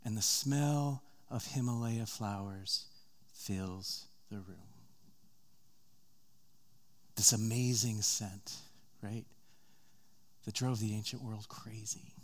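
Man preaching a storytelling sermon. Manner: storytelling, rising in pitch and volume at dramatic moments, dropping soft and slow.

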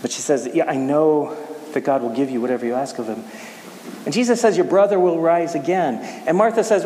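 A man preaching a casual sermon, talking in a conversational, halting way with frequent restarts. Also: mid-range voice, dark tone. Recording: echoey hall with faint hiss.

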